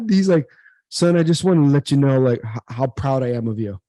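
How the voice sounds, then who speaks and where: Brisk and animated, this slightly high, mellow voice belongs to an American man in his forties sharing a personal story in an interview. A former pro baseball player and speaker appearing as a guest, he's earnest, repeats words, and plays out quoted lines. No room sound is audible.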